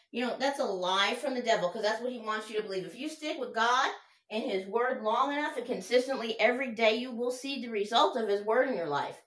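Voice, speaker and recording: A woman's voice: on the high side, a bit bright. A woman preaching an informal sermon in an earnest, conversational way. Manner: earnest, conversational, fumbles while looking up verses. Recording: echoey room.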